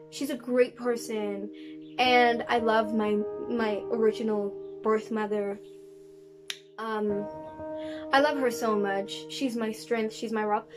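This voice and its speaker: Young woman from South Africa, sassy vlogger, fairly high voice, faint music behind. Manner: sassy and animated, talks with big pitch jumps. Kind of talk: casual vlog talk to camera.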